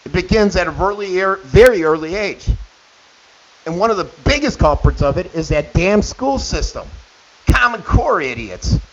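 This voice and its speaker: Man, middle-aged, radio host, indignant rant, sarcastic, somewhat high voice, muffled lo-fi sound. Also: animated, normal speed, a bit bright. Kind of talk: ranting opinion monologue. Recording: dull lo-fi with faint hiss.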